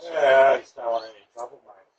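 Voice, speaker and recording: A man's voice: mid-range voice, brisk, highs cut off, slight background noise. An Australian man in a street dispute, blunt and firm and swearing, picked up by a doorbell camera outdoors. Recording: doorbell camera audio with loud crowd voices.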